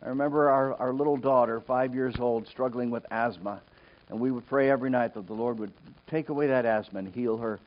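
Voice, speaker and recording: A middle-aged male pastor preaching an earnest sermon to his congregation, moving between loud emphasis and quiet storytelling. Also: medium pitch, fairly even intonation, a little fast. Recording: dull lo-fi sermon recording.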